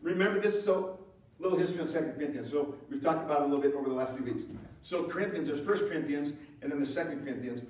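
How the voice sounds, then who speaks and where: A male pastor delivering a lively sermon in a slightly high voice. He swings from loud, emphatic declarations to hushed asides. The sound bounces around a very echoey hall, picked up from some distance. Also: racing. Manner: animated, swings from loud emphatic lines to low quiet asides. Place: church sanctuary.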